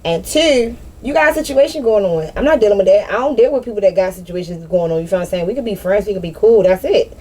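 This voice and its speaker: A woman talking candidly in a personal vlog, slangy and animated, swearing and laughing at herself. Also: medium pitch, quick pace, few pauses. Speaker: spiritual vlogger.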